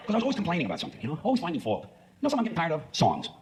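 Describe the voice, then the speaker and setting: A man's voice: on the high side, wildly swooping pitch, very fast, noisy background. A man performing a stand-up routine on stage, ranting in a profane, sarcastic way. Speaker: stand-up comedian. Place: stage in front of an audience.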